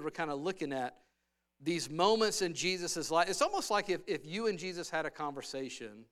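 Guy preaching in church, high bright voice, goes from quiet and close to loud and punchy. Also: clean tone. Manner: conversational preaching that swings from hushed to loud and emphatic. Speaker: pastor. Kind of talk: sermon. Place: church sanctuary.

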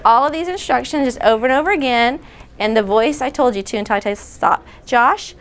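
A woman leading an interactive workshop session indoors, chatty and directing volunteers with quick asides. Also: a little high, clear, resonant tone. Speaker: workshop speaker. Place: indoor room.

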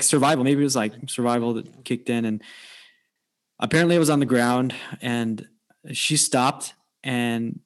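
A man's voice: mid-range voice, clean tone. A man as a podcast guest, telling a personal story in a casual, rambling way with many restarts. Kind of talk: casual chat.

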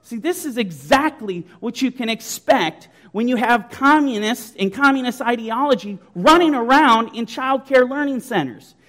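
A man preaches with a high-pitched voice. He drives every point home emphatically, his tone swelling with conviction. His rhetorical questions keep pressing the listeners. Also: lively intonation, moderate pace, few pauses, a bit bright. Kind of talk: sermon.

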